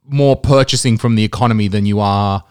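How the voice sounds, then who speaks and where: A man's voice: on the low side, a little fast, darkish tone, clear, resonant tone, no echo, clean studio sound. A man, a comedian hosting a casual chat full of crude, joking banter. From Australia. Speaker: podcast host, comedian.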